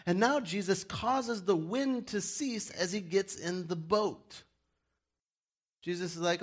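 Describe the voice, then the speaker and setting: A man's voice: animated, moderate pace. A man who is a pastor, preaching a casual, joking sermon in a church and acting out the people he quotes. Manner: chatty and joking, acts out quoted people in loud high voices.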